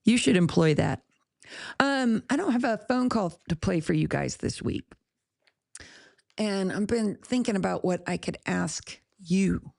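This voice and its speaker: A woman's voice: medium pitch, animated, unhurried, vocal fry, darkish tone, no room sound, studio quality. A woman hosting a podcast, ranting bluntly and casually, with profanity and laughs at her own jokes. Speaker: podcast host.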